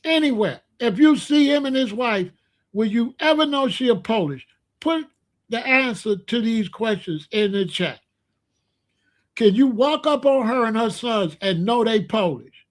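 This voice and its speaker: Middle-aged guy with a high voice, aave, going on bluntly to his stream chat. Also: animated, unhurried. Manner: blunt, repetitive, asks the chat questions. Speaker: livestream host. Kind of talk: casual livestream monologue.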